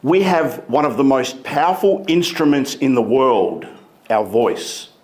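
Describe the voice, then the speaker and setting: A man giving a motivational keynote speech on a conference stage, emphatic and deliberate, stretching key words. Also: medium pitch, expressive. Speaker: keynote speaker.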